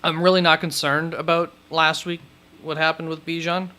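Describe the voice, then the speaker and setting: A man's voice: a little high, level tone, normal speed, pushed and bright. A man hosting a live stream, chatting casually and thinking aloud as he answers questions, often correcting himself mid-thought. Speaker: fantasy football host.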